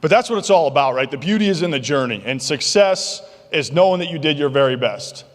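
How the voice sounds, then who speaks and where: A male keynote speaker telling stories in an animated, jokey way to a banquet crowd. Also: fairly high pitch, brisk. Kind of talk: motivational keynote storytelling. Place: large banquet hall. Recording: long reverb of a large hall.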